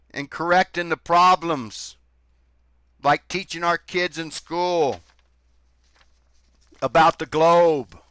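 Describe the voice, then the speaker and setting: A man's voice: on the high side, sharp tone, smooth, no echo. A man giving critical commentary between clips, scornful and sarcastic.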